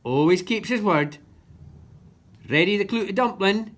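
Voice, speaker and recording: A woman with a Scottish accent voicing a loud, blustering male pirate captain in a storybook reading. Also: mid-range voice, a little slow, voice pushed up, lightly acted. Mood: booming. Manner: roaring pirate talk.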